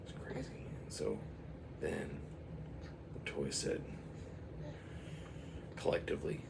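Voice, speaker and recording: A man's voice: very deep voice, wildly swooping pitch, takes it slowly, vocal fry, background noise. A man telling a rambling comic story, full of sound effects and put-on voices. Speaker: comedic storyteller.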